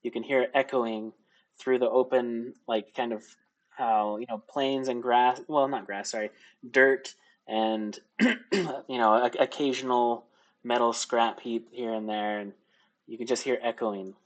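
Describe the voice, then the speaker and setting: A young man running a tabletop game, talking slowly and easily with lots of fillers and frequent laughs. His pitch is middling and his manner is relaxed and chatty. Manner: casual, laughing often, filler-heavy. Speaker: game master.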